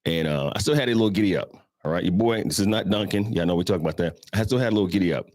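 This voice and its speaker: A man's voice: low-pitched, rapid-fire, a little mellow, dry recording. A man in his fifties hosting a show, telling stories in a loose, chatty way and talking straight to his listeners. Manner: loose and conversational, addresses listeners as y'all, acts out voices. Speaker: host. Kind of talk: casual storytelling monologue.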